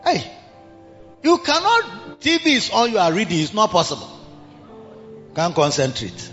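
An older man with a Ghanaian accent preaching a sermon in an animated way, bursting into shouts and slipping in local phrases. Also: high-pitched, unhurried. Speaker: pastor. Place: large cathedral hall. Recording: dull reverberant hall with music.

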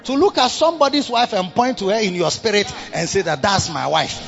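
A man preaching a sermon. He repeats himself and swings between low murmurs and loud bursts of emphasis. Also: very animated, brisk, dull audio, over music.

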